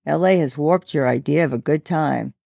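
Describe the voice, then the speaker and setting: A woman's voice: deep voice, moderate pace, gravelly, mellow, no room sound, clean studio sound. A woman voicing a young man, the narrator's old friend, who talks bluntly and tensely in a read-aloud story.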